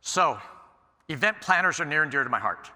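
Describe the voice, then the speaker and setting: A man giving a conference keynote, telling stories in an animated way and acting out the dialogue. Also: fairly high pitch, brisk. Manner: animated storyteller, acts out quoted exchanges. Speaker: keynote speaker. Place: large conference hall. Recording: echoey hall sound.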